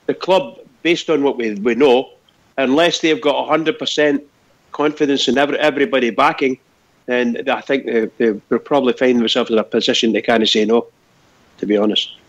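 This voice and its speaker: A man's voice: medium pitch, fairly even intonation, brisk. A man on a radio phone-in weighing up a transfer bid, hesitant and restarting phrases. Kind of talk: casual phone-in chat.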